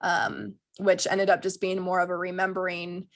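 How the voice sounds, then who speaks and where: A woman's voice: fairly low pitch, completely flat delivery, moderate pace. A young woman, a guest energy healer, telling a personal story in a chatty way with many ums and light laughs. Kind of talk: casual storytelling.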